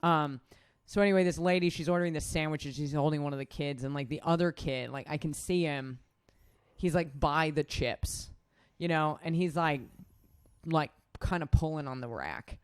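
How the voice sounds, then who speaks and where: A woman's voice: deep voice, normal speed, smooth, no echo. A woman co-hosting a podcast, telling a long story casually in a rambling, profane way full of "like". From Nevada, USA. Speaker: podcast co-host.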